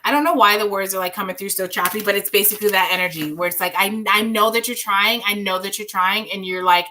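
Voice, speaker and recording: A young woman hosts a live tarot reading, talking in a loose, rambling, reassuring way. Her voice sounds bright and ringing at a middling pitch. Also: fairly even intonation, quick pace, a little hiss or hum. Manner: chatty, rambling, reassuring, sings bits of songs. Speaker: tarot reader.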